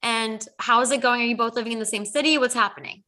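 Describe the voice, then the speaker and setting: A woman's voice: a little high, steady tone, fast, sharp tone. A woman co-hosting a podcast, playful and teasing in casual chat. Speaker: podcast co-host.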